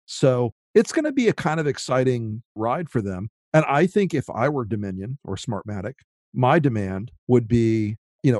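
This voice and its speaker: A man's voice: medium pitch, darkish tone, dry recording, studio quality. A man on a political podcast panel, talking animatedly and acting out quotes in mock voices, swearing freely. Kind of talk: casual panel discussion.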